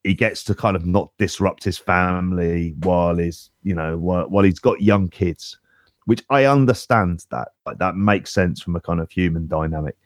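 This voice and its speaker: Man, very low voice, dry close mic, hedging podcast chat. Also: moderate pace, no echo. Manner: hedging, many fillers like "kind of". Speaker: podcast co-host. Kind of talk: casual chat.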